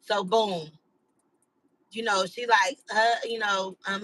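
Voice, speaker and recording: A woman's voice: mid-range voice, fairly even intonation, unhurried, a bit bright, rough recording. A woman hosting her channel, chatting casually with live viewers in a slangy, rambling way full of "like" and "you know.". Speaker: channel host.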